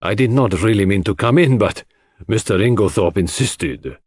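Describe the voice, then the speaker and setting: A man doing a low, sheepish doctor. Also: expressive, normal speed, a little mellow, breathy edge, dry recording, clean studio sound. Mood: apologetic. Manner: lowered and sheepish. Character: rueful, muddy country doctor, apologetic man.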